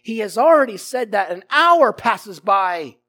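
A man's voice: high-pitched, big pitch swings, measured pace, pushed and bright. A man preaching an expository sermon, emphatic, swelling and dropping in volume and repeating his phrases.

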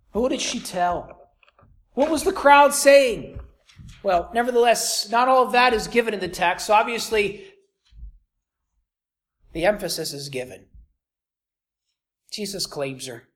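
A preacher delivering a sermon, swinging between raised, emphatic lines and hushed, near-whispered ones, and repeating key phrases for emphasis. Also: medium pitch.

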